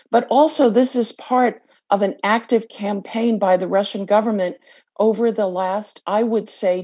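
A woman's voice: mid-range voice, dark tone. A woman lawyer interviewed on radio, speaking in an earnest, explanatory way.

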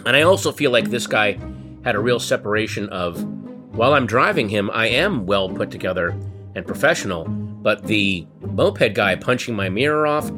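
A man's voice: lowish voice, moderate pace. Wry male storyteller over guitar. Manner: animated, wry, building comic tension. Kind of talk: comedic storytelling. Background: guitar music.

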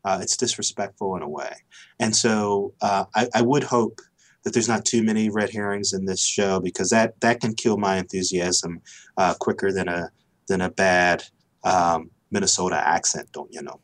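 A man's voice: deep voice, fairly even intonation, moderate pace. A man as a podcast guest, speaking thoughtfully and often repeating words as he starts a thought. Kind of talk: casual podcast interview.

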